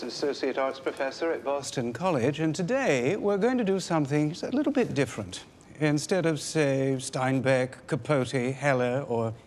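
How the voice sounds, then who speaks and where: An actor as a stiff, formal 1960s TV professor. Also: male voice, mid-range voice, natural voice. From French Canadian. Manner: formal, dry, bemused. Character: stiff male 1960s literature professor hosting TV. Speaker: TV show host.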